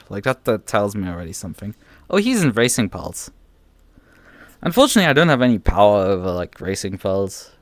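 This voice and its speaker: A man ranting on his live stream, exasperated and swearing, tripping over his own restarts. His pitch jumps around a lot as he vents. The sound is close and dry with no room echo. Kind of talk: casual livestream rant.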